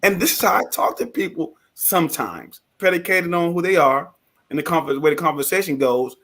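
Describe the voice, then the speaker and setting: A man on a business panel discussion, speaking in a halting way that turns animated, often repeating words. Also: a little high. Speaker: co-host.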